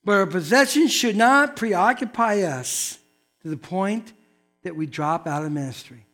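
A pastor preaching in church in a fairly high voice, spinning folksy stories and acting out both sides of each conversation. Soft music plays faintly underneath. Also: male voice, lively intonation, a little slow. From North Carolina. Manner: folksy storytelling, acting out dialogue. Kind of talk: sermon.

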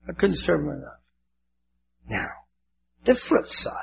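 A man's voice: fairly high pitch, big pitch swings, measured pace, creaky. An older man preaching a sermon as pastor, fervent and emotional, repeating his words. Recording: dull lo-fi with faint hiss.

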